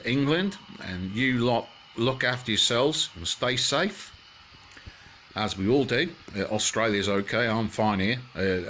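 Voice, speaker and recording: A man telling a rambling comic bedtime story, full of halting restarts. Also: on the low side, fairly bright tone, slight background noise.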